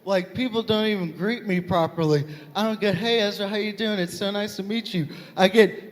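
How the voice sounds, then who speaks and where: A man doing a stand-up set, telling profane, animated stories with loud comic outbursts, recorded live at a venue with an audience. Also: high-pitched, moderate pace, hardly any pauses. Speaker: stand-up comedian. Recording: live hall reverb, crowd laughter.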